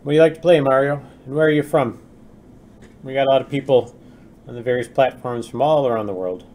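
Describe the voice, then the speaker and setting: A young adult man streams game development, casually chatting with viewers, reading chat aloud and muttering as he works, with faint keyboard typing behind him. He speaks fast at medium pitch, a little mellow.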